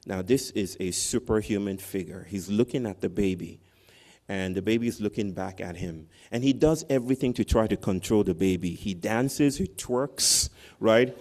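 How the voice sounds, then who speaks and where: A man with a fairly low, warm, mellow voice gives a commencement address from a podium microphone. He talks to the crowd as a storyteller and keeps checking in with a quick "right?". He is speaking under a large tent at an outdoor ceremony. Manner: animated storyteller, tags lines with "right?". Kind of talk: storytelling speech to an audience.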